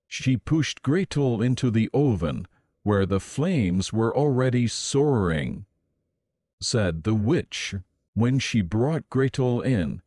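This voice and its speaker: A man reading a fairy tale aloud in calm storybook narration, slow and even. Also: fairly low pitch, no room sound, studio quality.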